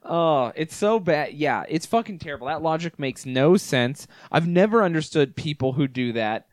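Casual male co-host, joking and profane; slightly higher voice, dry studio sound. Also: animated, normal speed, no echo. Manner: joking, profane, laughs often. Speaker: podcast co-host. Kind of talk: casual chat and reading a story aloud.

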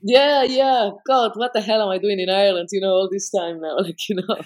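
A speaker with a Spanish accent, whose first language is Spanish, chats in English in a loose, unscripted way. The talk is halting, pitched in the middle range, and packed with restarts and fillers. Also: steady tone. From Spain. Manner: hesitant, full of fillers and restarts. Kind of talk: casual conversation.

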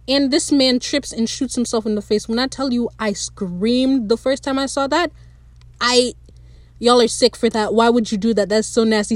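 A woman hosting a podcast, recapping a TV episode in a casual, excitable rant, swearing freely and talking straight to her listeners. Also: a little high, moderate pace, dry recording.

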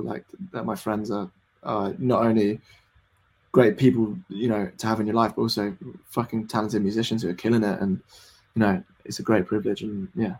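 A young man in his twenties, a band member guest in a casual podcast interview, rambling, excitable and swearing freely. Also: fairly low pitch, breathy edge. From United Kingdom. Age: 20s.

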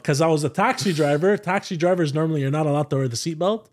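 Animated, profane man. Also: fairly high pitch, fast. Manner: animated, profane, says "bro" constantly. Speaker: podcast guest. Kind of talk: casual storytelling.

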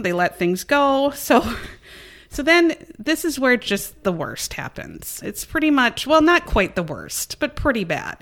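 Bright, lively woman telling a crime story. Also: on the high side, unhurried. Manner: giggly, animated storytelling. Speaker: podcast host. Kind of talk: casual true-crime chat.

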